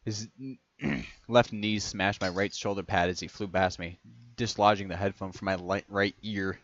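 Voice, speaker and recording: A man reading a first-person story aloud in a casual way, often stumbling on words, restarting them and clearing his throat. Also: low voice, fairly even intonation, moderate pace, fairly bright tone, a little hiss or hum. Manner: reads in first person, stumbles and restarts on words, breaks into long fits of laughter. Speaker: reader of fan fiction. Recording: dry, slightly dull home recording.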